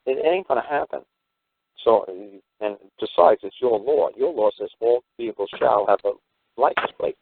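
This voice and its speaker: A man's voice: mid-range voice, moderate pace, gravelly, slightly rough, no room sound. A man from the United States, hosting a talk radio show, telling rambling stories in a blunt, profane way. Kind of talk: casual talk radio monologue. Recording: tinny phone-line radio audio.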